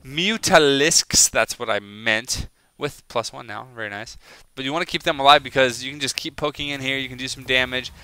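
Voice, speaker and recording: A man's voice: mid-range voice, a little fast, hardly any pauses, clear, resonant tone, no echo. Chatty young man casting a game. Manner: chatty, excitable, rambling with many fillers. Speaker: game commentator. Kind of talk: casual solo video game commentary.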